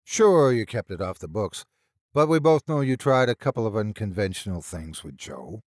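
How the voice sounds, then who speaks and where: A man voicing a shrewd, blunt female senior doctor who speaks firmly and sometimes softly. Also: fairly low pitch, animated, normal speed, no room sound, studio quality, natural voice. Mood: sharp. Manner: firm and blunt, sometimes soft.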